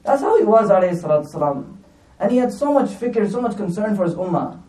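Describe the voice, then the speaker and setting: High, fast-talking male preacher, echoey room. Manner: animated, repeats phrases for emphasis. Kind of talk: sermon with lively storytelling. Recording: echoey room, distant mic.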